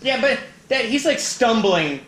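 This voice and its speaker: A man's voice: very high voice, very animated, unhurried, fairly bright tone. A man in his forties chatting and joking through a board game, laughing through his stories. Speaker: game player. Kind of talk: casual chat over a board game. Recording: echoey room with hiss.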